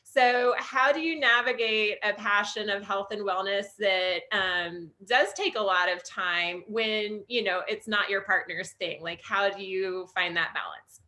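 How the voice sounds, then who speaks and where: A woman's voice: medium pitch, a little slow, few pauses, sharp tone. A woman hosting a casual book club interview, reading out audience questions with plenty of fillers.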